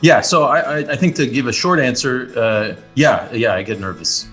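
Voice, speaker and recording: A man's voice: medium pitch, normal speed, a bit bright, soft background music. A middle-aged Canadian man, a guest actor, rambling playfully in casual comedic chat on a podcast. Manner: rambling, playful, does silly voices.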